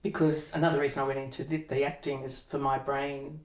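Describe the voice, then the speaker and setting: A woman's voice: rumbling low, level tone, fairly quick, a little mellow. A woman, an actor, chatting as a guest in an interview, rambling and laughing often. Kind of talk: casual interview chat. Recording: echoey room, mic at a distance, faint noise.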